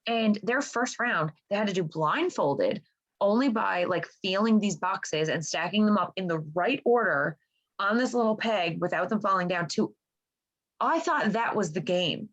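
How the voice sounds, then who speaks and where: Animated swearing woman podcast co-host. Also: medium pitch, moderate pace, rough recording. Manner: animated, swears often, lots of "like". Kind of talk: casual chat.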